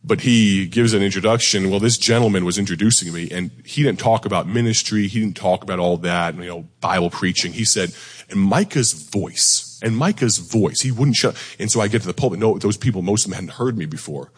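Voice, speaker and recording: A man preaching a sermon to a congregation, his voice hoarse and close to giving out, with a deep voice and a folksy, conversational manner. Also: quick pace, hardly any pauses, big-room sound. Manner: folksy, conversational, self-deprecating. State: hoarse, near losing his voice. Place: church sanctuary before a congregation.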